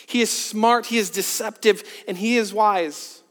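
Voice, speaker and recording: A man preaching a sermon, earnest, moving from hushed, drawn-out points to emphatic rhetorical questions. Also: sits high. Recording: long reverb of a large hall.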